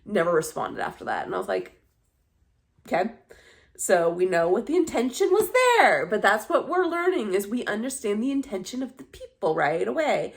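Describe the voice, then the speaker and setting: Blunt, gravelly-voiced woman vlogger. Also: medium pitch, moderate pace. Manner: candid and blunt, swears freely, animated storytelling. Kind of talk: casual chat.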